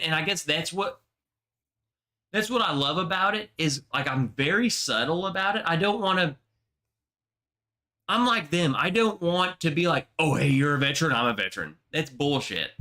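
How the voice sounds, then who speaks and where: A man's voice: fairly high pitch, pushed and bright. A young man hosting a casual livestream, telling rambling, emotional stories with plenty of swearing. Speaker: livestream host.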